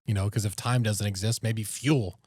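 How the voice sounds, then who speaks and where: A man's voice: lowish voice, fairly even intonation, normal speed, a little mellow, husky, no room sound, clean studio sound. A young adult man, a podcast co-host, musing in casual conversation with loosely phrased questions.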